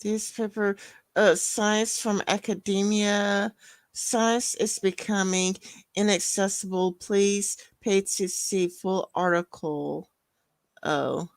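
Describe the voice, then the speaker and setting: A woman's voice: medium pitch, fairly even intonation, takes it slowly, no echo. A woman co-hosting a podcast in casual chat, rambling with lots of fillers like "you know". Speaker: podcast co-host.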